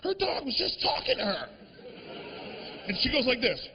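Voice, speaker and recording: A man doing a stand-up comedy set on a live stage, brash and profane, breaking into shouted rants into a handheld mic. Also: very high-pitched, huge pitch swings, normal speed, in a large hall, slight background noise. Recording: dull lo-fi live recording.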